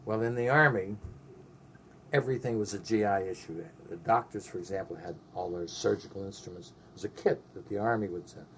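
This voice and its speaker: An older man recalling his army days in an oral history interview, an animated storyteller who sprinkles in Yiddish words. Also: on the low side, fairly quick, a little hiss or hum.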